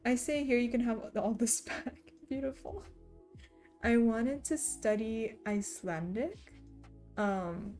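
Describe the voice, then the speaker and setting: Chatty, giggly woman streamer, mellow voice. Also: on the high side, slow pace, faint music behind. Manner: chatty and giggly, often laughing. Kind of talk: casual chat while reading chat aloud.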